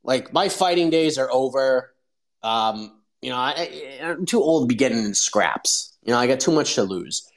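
A man in his forties hosts a show, his mid-range voice moving at a normal speed over poor audio. He's an animated storyteller, spinning casual commentary packed with "like" and other fillers.

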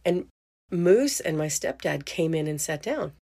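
A woman's voice: deep voice, animated, measured pace, darkish tone. A middle-aged woman hosting a podcast who tells a family story in a chatty, casual way, laughing often and saying "you know". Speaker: podcast host.

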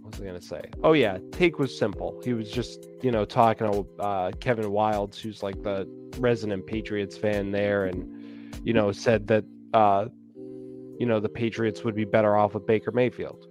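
A man's voice: fairly low pitch, fairly even intonation, moderate pace, a little mellow, soft background music. A man co-hosting a casual sports podcast, laid-back and hesitant, with lots of fillers. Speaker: podcast co-host.

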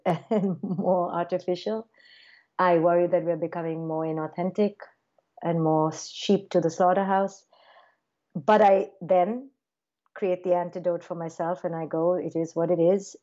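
A woman guest speaks in a relaxed, conversational way, and her voice sounds warm and mellow. She jumps up into lively little quoted voices as she talks. The recording is slightly muffled and lo-fi. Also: fairly low pitch. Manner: animated, acts out parent and child voices in quotes. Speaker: clinical psychologist guest. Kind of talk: conversational interview.

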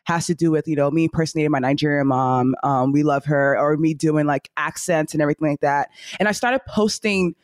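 A young adult woman guest on a podcast, telling her story in an upbeat, animated way. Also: low voice, a little fast, few pauses, no echo, clean studio sound. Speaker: content creator guest.

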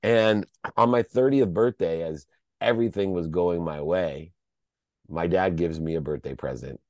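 A man's voice: sits low, normal speed, darkish tone, no echo. A middle-aged American man sharing a personal story as a podcast guest, heartfelt and choked up at times, restarting his sentences. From United States. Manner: heartfelt, choked up at times, restless repeated starts.

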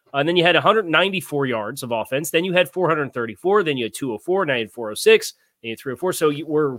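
A man's voice: a little high, fairly bright tone, no room sound, studio quality. A man on a sports panel, analytical and wry, running through numbers in casual chat. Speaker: podcast panelist.

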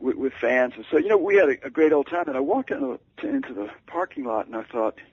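A man, an author guest on the radio, telling a long anecdote in a halting, stammering, self-deprecating way. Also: mid-range voice, sing-song, breathy edge, no echo. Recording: dull lo-fi radio sound.

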